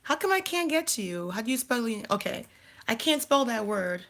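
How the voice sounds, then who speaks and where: A woman's voice: on the high side, sing-song, moderate pace, a bit bright. A woman hosting a casual live stream, chatting and thinking aloud while she fumbles through her channel settings. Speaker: life coach and channel host.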